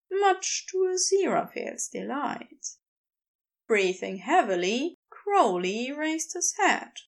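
Slow, gravelly woman reading a story. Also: a little high. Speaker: fan audiobook reader. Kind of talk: scripted narration of an intimate fan story.

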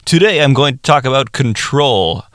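A man putting on the voice of a smooth public-radio announcer, slow, drawn-out and over-formal. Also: medium pitch, expressive, a bit bright, no echo, clean studio sound, voice pushed up, close to an everyday voice. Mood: mock-formal.

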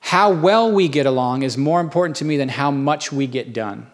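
A man preaching a sermon in a folksy, lively storytelling way. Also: mid-range voice, normal speed. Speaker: pastor.

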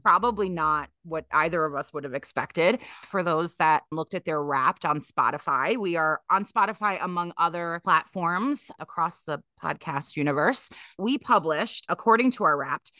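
A woman co-hosts a podcast in casual conversation, chatting, laughing often, and using many fillers. Her voice sits low, bright and forceful, at a moderate pace with hardly any pauses. The podcast mic gives clean studio quality with no echo.

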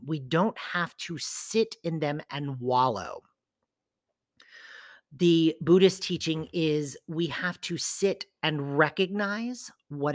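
A woman's voice: a bass voice, dry recording, clean studio sound. A woman hosting a personal self-care podcast, talking candidly and casually, with some swearing. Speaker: podcast host.

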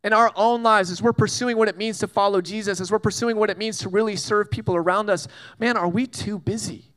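A man's voice: high voice, steady tone, a little fast, fairly bright tone. A man preaching a casual sermon, telling a Bible story with jokes and acted-out asides. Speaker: pastor.

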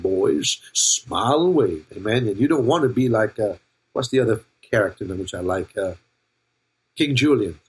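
An older man preaches a sermon as a pastor, his medium-pitched voice a little mellow with a breathy edge. He's playful and jokey, laughing, calling out congregation members by name, and asking whether they're listening.

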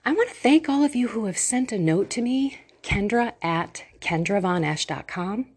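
A middle-aged woman talking into her phone at home, an earnest and emotional faith vlogger who chats warmly and laughs often. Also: medium pitch, lively intonation, normal speed, slightly rough. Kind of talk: casual devotional talk to camera. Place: at home, indoors.

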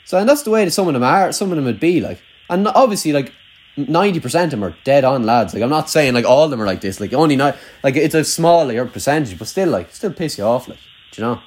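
A young man from Ireland speaks at a quick pace, his animated voice on the high side, husky and darkish in tone. In a rural Irish accent he chats casually, swearing freely and rambling with plenty of "like".

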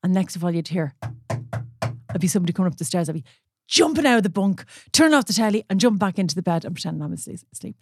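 An Irish woman co-hosts a podcast, racing through long stories in a chatty, casual way and acting out the voices of the people in them. Her voice is fairly low, a little mellow, and has a breathy edge, recorded as clean studio sound with no echo.

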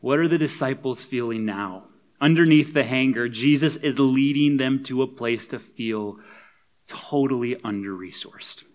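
A man's voice: medium pitch, unhurried. Conversational, humorous male pastor preaching. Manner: conversational, humorous, rising to emphatic. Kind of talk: sermon.

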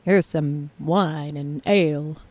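A woman voicing a hearty adult loudly praising a child, in a put-on semi-transatlantic accent. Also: low-pitched, slow. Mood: hearty praise.

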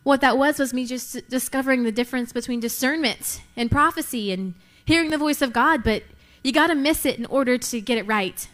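A woman's voice: high voice, fairly bright tone. A young woman preaching a sermon, emphatic, repeating key lines for effect.

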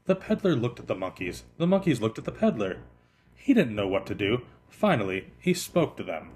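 A man hosting a podcast, reading a children's picture book aloud in an expressive way that slows down for effect. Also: lowish voice, a little hiss or hum. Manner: expressive, lively, slowing for effect.

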